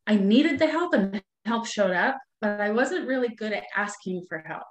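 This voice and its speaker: A woman's voice: medium pitch, lively intonation, normal speed. A woman in her forties, a guest, telling a personal story earnestly and animatedly. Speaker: guest, author and mother. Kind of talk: conversational storytelling. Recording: roomy echo.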